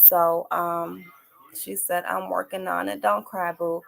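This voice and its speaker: A woman's voice: lowish voice, little pitch movement, takes it slowly, gravelly, rough recording. An older woman hosting a live stream, giving oracle card readings and talking straight to her viewers in an emphatic, repetitive, encouraging way. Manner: warm, emphatic, repeats phrases, talks straight to viewers. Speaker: podcast host reading oracle cards.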